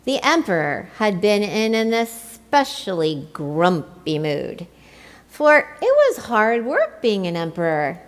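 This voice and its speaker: A woman reading a children's picture book aloud in an expressive, playful way. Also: medium pitch, takes it slowly. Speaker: storyteller. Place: church.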